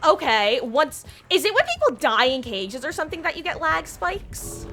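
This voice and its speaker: A woman's voice: high-pitched, big pitch swings, moderate pace, fairly bright tone, soft background music. A woman streaming a game live, chatting with viewers in a rambling way, often stammering and restarting when frustrated. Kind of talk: live gaming stream chat.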